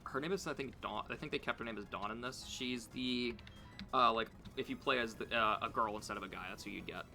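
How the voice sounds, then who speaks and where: Bright gravelly young man streaming a game. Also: medium pitch, a little fast, soft background music. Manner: rambling, many fillers and restarts. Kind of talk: casual gameplay commentary.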